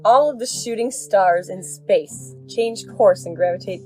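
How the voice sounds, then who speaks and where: A woman's voice: medium pitch, measured pace, warm tone, faint music behind. A woman playing a tabletop game, talking casually and often laughing. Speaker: player.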